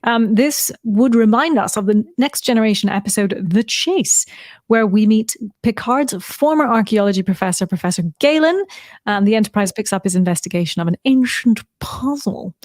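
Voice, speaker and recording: A woman's voice: medium pitch, animated, normal speed, a little mellow, no room sound. A woman co-hosting a casual show recap, sharing trivia in an informative, lightly playful way. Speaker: podcast co-host.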